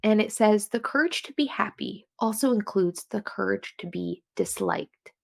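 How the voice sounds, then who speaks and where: Chatty New Jersey woman with vocal fry. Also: medium pitch, normal speed. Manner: rambling, chatty, self-correcting. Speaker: podcast host. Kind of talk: casual self-help talk.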